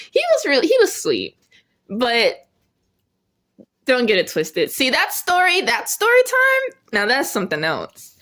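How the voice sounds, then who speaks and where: A young woman chats her way through a casual storytime, animated and quick to laugh. Her voice sits a little high for a woman. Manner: animated, chatty, laughs often. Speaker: vlogger.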